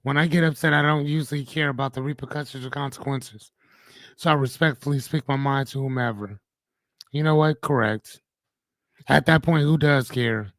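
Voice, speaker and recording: A man hosting a live coaching stream, reading viewer comments and answering them in an animated, joking, slangy way. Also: mid-range voice, moderate pace, dry recording. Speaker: host and coach.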